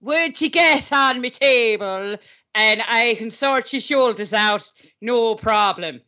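Woman doing a male Irish masseuse, put-on Irish accent, high bright voice, slow coaxing delivery.

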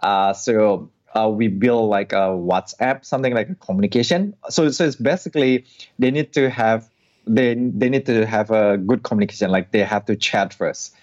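A man being interviewed as an app founder, answering haltingly with many fillers and restarts. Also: lowish voice, a little mellow. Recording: dull lo-fi sound.

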